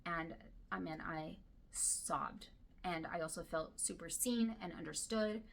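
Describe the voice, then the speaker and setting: A woman chatting casually to camera about books she loves, gushing and sometimes dropping to a soft whisper, her throat dry and irritated. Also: on the low side, unhurried, gravelly, a little hiss or hum. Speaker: book vlogger.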